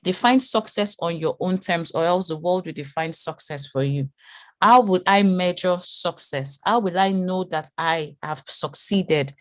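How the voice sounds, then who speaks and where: A woman's voice: lowish voice, no room sound. A woman teaching a live branding class, asking the group questions, repeating key points and encouraging them. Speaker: branding course instructor.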